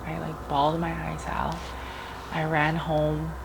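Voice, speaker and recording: A woman with a low, deep voice shares her own story in a loose, conversational way, often pausing on filler words. Her tone has a gravelly, fried edge. Faint noise sits behind her. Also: monotone. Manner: casual, rambling, lots of filler words. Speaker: host. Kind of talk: personal storytelling.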